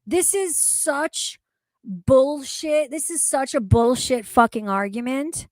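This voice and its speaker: A woman streaming her reaction to another stream, slow and deliberate, with a slightly high voice. She swears freely and sounds openly incredulous. The sound is dry and close. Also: no echo. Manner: exasperated, heavy swearing, incredulous. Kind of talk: profane reaction commentary.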